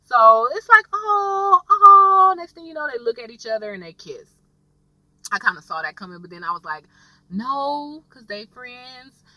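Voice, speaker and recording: A woman's voice: sits high, very animated, normal speed, no echo, far from the mic, lo-fi sound. A young woman chatting casually as she recaps a TV episode, slangy and storytelling. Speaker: TV episode reviewer.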